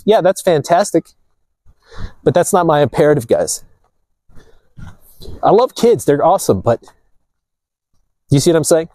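A man vlogging outdoors near the ocean, ranting casually to his viewers in a preachy, animated way. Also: on the high side, normal speed, pauses often, no echo, rough recording. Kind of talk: casual outdoor rant to camera.

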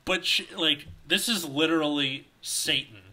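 A man's voice: a little high, unhurried. A man co-hosting a comedy podcast, reading a fan story aloud and riffing wryly. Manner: animated, wry, laughs easily.

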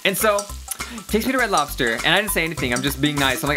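A let's play gamer rambling through a personal story in animated, self-deprecating casual commentary. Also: medium pitch, fast, music in the background.

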